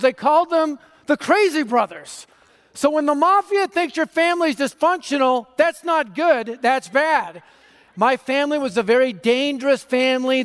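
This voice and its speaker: A man from North Denver giving an energetic, humorous gospel talk on a conference stage, speaking into a stage microphone. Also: extremely high pitch, smooth. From North Denver, USA. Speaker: evangelist speaker. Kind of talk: gospel message speech. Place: large conference hall stage. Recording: reverberant hall.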